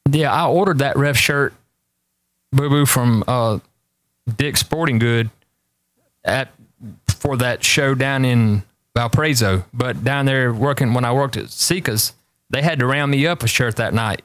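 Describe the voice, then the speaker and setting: Rambling host, dry sound. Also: male voice, mid-range voice, measured pace, a bit bright, dry recording. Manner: rambling, emphatic, repeats warnings for effect. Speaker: talk show host. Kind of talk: casual storytelling chat.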